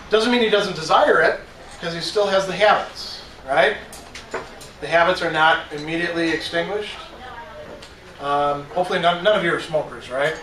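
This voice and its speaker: A man's voice: a little high, fairly bright tone, a little hiss or hum. A male philosophy professor giving a conversational classroom lecture, self-deprecating and full of "you know," recorded from a distance in an echoey room. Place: college classroom. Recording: echoey room, mic far off, faint ambience.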